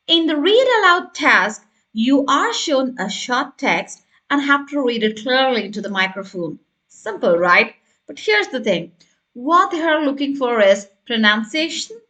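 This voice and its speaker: Female tutor, bright higher voice, upbeat coaching delivery, models examples slowly. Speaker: test prep teacher. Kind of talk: scripted tutorial.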